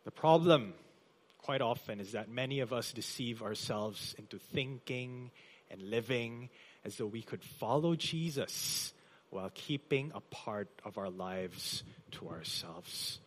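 A man pastor preaching a sermon in a church, with emphatic delivery that swells loud on key phrases and drops soft. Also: medium pitch, expressive, a little slow. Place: church hall.

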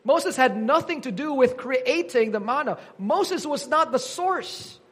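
A man's voice: very high-pitched, animated, unhurried, a bit bright, slightly rough. A man preaching an earnest teaching sermon, quoting scripture with emphasis.

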